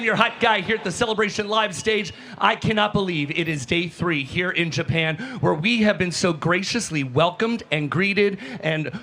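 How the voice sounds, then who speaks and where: A man working a convention floor as hype host, energetic and shouting to fans. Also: high voice, a little hiss or hum. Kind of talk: live crowd hosting.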